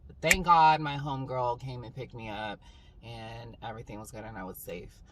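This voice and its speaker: A young woman telling a story to camera in a casual, rambling vlog style, full of "like" and "um". She tells it in an animated, dramatic way. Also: extremely low pitch, moderate pace. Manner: rambling, filler-heavy, with 'like' and 'um'. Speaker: vlogger. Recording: slightly distant mic, faint background hum.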